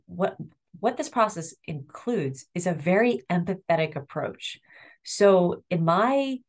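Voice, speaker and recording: A woman's voice: lowish voice, lively intonation, measured pace, darkish tone. A middle-aged woman educator speaking earnestly and with empathy in an interview about guiding children. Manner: earnest, empathetic, demonstrates tones of voice. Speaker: school educator and guest. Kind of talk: interview conversation.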